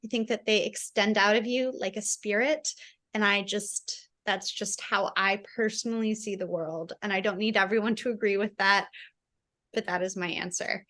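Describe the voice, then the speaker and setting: A woman's voice: mid-range voice, steady tone, normal speed, a bit bright. A woman in her thirties, a guest author in a casual online conversation, speaking reflectively with frequent "like" fillers and laughter.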